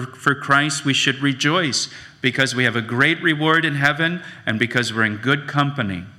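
Man, pastor, sermon, emphatic repetition, very bright tone, long hall reverb. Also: medium pitch. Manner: slow, emphatic preaching with repeated phrases.

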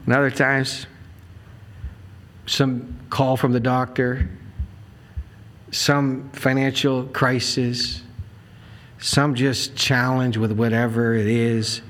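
A man's voice: medium pitch, flat delivery, takes it slowly, pauses often, fairly bright tone. A man preaching a sermon in an earnest, conversational way, often restarting his sentences. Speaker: pastor.

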